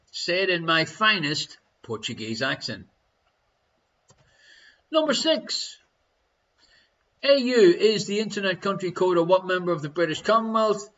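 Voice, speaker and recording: Man, Irish accent, quiz host, high-pitched, jokey banter, living room. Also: sharp tone, muffled recording. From Ireland. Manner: jokey, chatty, reads out answers. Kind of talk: live online pub-style quiz.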